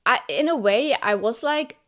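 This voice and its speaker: A woman's voice: fairly high pitch, normal speed. A woman who speaks English as a second language, chatting casually and with feeling about a book she read, full of fillers and restarts. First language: not English. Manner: chatty, heavy use of "like" and restarts; emotionally animated, exclaiming. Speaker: book vlogger. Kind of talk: casual spoken book review. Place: at home with her cat.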